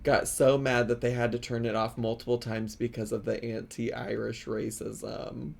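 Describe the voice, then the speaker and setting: A man hosting a reaction video, giving casual, playful commentary with frequent giggles and drawn-out asides. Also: medium pitch, level tone, vocal fry, slight background noise.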